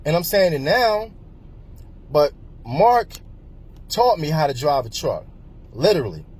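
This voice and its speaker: A man's voice: on the high side, a little mellow, husky. A man in his forties from New Jersey, telling a personal story in a rambling way with many fillers and repeats. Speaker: vlogger.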